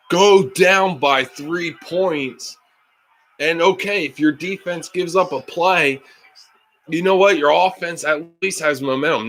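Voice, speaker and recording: A man calls a live football game for his stream, swinging from steady play-by-play into exasperated, profane rants about the coaching. His voice is bright and forward, and he talks at an unhurried, drawn-out pace. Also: on the high side. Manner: frustrated, swearing fan rants. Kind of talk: live game reaction and commentary.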